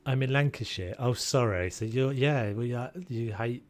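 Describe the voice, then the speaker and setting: A man's voice: mid-range voice, moderate pace. Male streamer, chatty and rambling, talking to chat with faint game music under him. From United Kingdom. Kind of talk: casual gaming livestream commentary.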